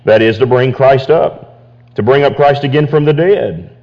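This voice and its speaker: A man's voice: medium pitch, moderate pace. A pastor with a drawl delivers a sermon in an ordinary mid-range male voice, circling back over his phrases and stammering into restarts. His sound is a touch dull and muffled, as if taken from a church recording. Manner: preaching with repetitions and stammered restarts, rising to emphatic.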